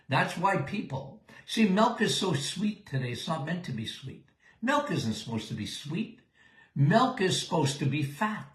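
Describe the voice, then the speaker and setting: A man's voice: on the high side, fairly bright tone, echoey room. An older man hosting a live Q&A show as a doctor answering listener questions, folksy and emphatic, often checking in with "okay?".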